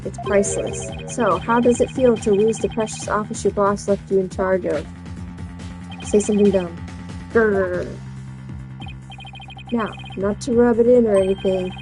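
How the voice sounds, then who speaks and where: A woman's voice: mid-range voice, fairly even intonation, moderate pace, over music, close to an everyday voice, rough recording. A woman voicing a smug, scheming male thug who taunts and gloats. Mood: gloating.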